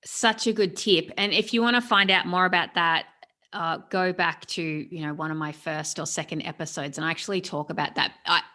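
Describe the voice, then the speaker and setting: A woman's voice: on the low side, fairly even intonation, brisk, bright, forceful tone. A woman hosting an interview podcast and coaching her listeners, speaking in an effusive, encouraging way.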